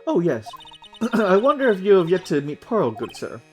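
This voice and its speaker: A man's voice: sits high, wildly swooping pitch, normal speed, a little mellow, soft background music, pitched above the performer's own voice. Man playing a starchy, formal older lady medium, prim and cold. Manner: stiff, overly polite, formal. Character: stern formal older woman, spirit medium. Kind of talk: reading game dialogue aloud on stream.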